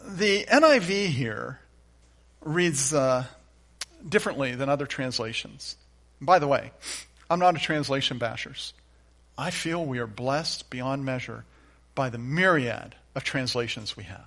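A pastor preaching a sermon, reading scripture aloud with emphatic repeated refrains. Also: male voice, mid-range voice, lively intonation, measured pace, gravelly, fairly bright tone.

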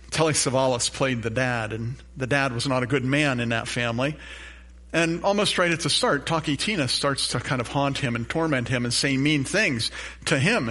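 A man's voice: mid-range voice, fairly bright tone. A middle-aged man preaching a sermon as pastor, telling a self-deprecating story and asking the congregation questions.

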